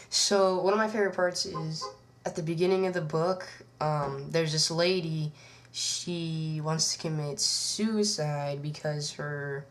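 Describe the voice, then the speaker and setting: Low-voiced woman recapping a comic. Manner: rambling, filler-heavy plot recap. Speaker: comic book reviewer. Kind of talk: casual review vlog.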